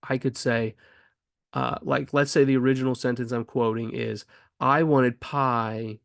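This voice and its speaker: A man's voice: medium pitch, flat delivery, normal speed, vocal fry, no room sound, studio quality. A man teaching grammar casually, thinking aloud with frequent ums and restarts. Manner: rhetorical questions asked with rising emphasis.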